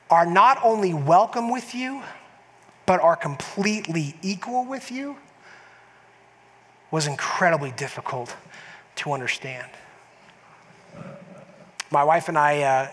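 High-voiced pastor guy preaching, lots of restarts and asides, big echoey church. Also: a bit bright. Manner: conversational, with repeated restarts and emphatic asides. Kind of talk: sermon. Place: church sanctuary. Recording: long church hall reverb.

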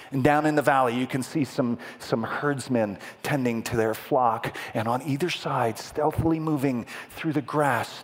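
A man with a husky, mid-range voice preaches a sermon like dramatic movie-trailer narration. Telling the story to a live audience in a hall, he adds sound effects with his voice.

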